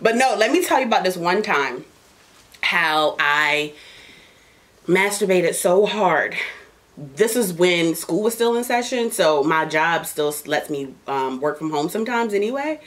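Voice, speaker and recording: A woman's voice: fairly low pitch, expressive, unhurried. A woman hosting a casual podcast while smoking, talking bluntly and profanely, joking, with laughs and coughs. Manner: laughs and coughs between lines. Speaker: podcast host.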